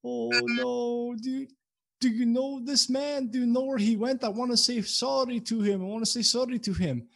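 A man putting on the voice of a frantic, apologetic dog owner with an accent, pitched up high and repeating himself anxiously. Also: steady tone, fairly quick, hardly any pauses, lightly acted.

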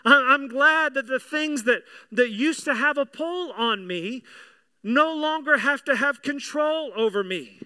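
A man's voice: very high-pitched, measured pace, bright, forceful tone. A man preaching a sermon, earnest and conversational, often repeating his words and putting questions to the congregation. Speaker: pastor.

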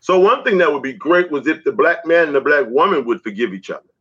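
A man's voice: a little high, animated, fast, fairly bright tone, husky. A man performing spoken word poetry in a rhythmic, dramatic recitation. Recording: dull lo-fi audio.

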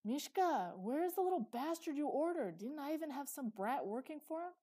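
A woman voicing a drunk, leering grown man who calls out loudly and mockingly. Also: fairly high pitch, very animated, slow pace, husky, pitched above the performer's own voice, full character voice. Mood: bellowing.

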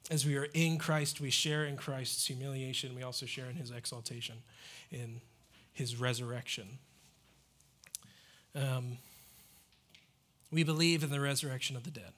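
A man's voice: medium pitch, fairly even intonation, normal speed, pauses often, fairly bright tone. A man preaching a sermon in an earnest, emphatic way, asking rhetorical questions and answering them. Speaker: pastor.

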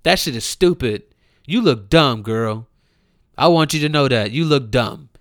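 A young man ranting profanely in a comedic way, mocking and heated, jumping between loud outbursts and muttered asides. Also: mid-range voice, animated, a little slow, dry recording, clean studio sound. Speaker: commentator.

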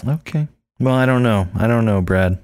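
A man co-hosting a podcast chats casually about a film, acting out lines in playful voices. His medium-pitched, darkish voice has lively intonation at a moderate pace, captured in a dry, studio-quality recording.

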